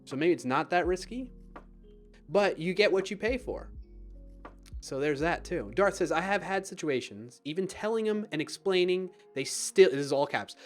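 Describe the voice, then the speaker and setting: A man with a somewhat high voice hosts a live stream in a loose, chatty way. He reads out viewer messages and answers them, laughing at himself often. Faint music plays behind him. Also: lively intonation, normal speed. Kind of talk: casual chat, reading viewer comments aloud.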